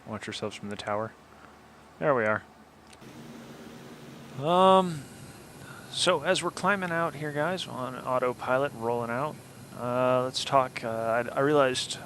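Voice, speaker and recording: Guy casually talking thru a flight sim game, step by step, average pitch, bit of faint hum behind. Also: a bit bright, poor audio. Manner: chatty, explains each step as he goes. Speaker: flight sim gameplay host. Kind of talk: casual let's-play commentary.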